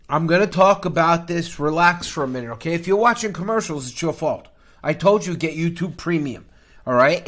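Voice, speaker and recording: A middle-aged man hosting a finance channel, talking in a brash, jokey, rambling podcast style that jumps between topics. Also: a little high.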